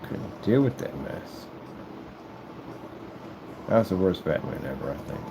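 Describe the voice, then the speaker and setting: A man rambling casually to the camera as he works, animated and joking, often jumping into a high falsetto. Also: measured pace, noisy background. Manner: animated, jumps into high falsetto sing-song and joking voices. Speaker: vlogger. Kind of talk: casual rambling monologue while working.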